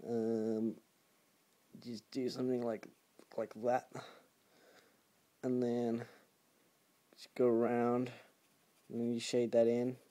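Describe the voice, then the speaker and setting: Man, unhurried, middle-pitched, rambling drawing tutorial, hesitant filler talk. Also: mellow. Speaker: YouTuber.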